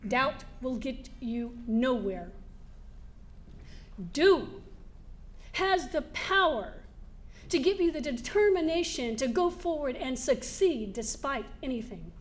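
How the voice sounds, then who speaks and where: A woman giving a keynote speech to a live audience, telling lively personal stories, laughing now and then and acting out the scenes. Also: high voice, slow. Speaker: motivational speaker. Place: event hall before a live audience.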